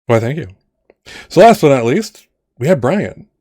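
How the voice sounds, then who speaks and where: A man's voice: medium pitch, very animated, normal speed, mellow. A man game master in casual chat, rambling with many restarts and some swearing. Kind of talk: casual campaign wrap-up chat.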